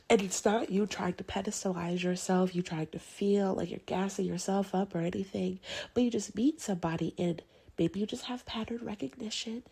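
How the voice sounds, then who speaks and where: A young woman vlogger, sick and rough-voiced, chatting casually to camera from her bed in a meandering way that slips into whispers. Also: on the low side, dark tone. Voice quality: husky. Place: bedroom, lying in bed.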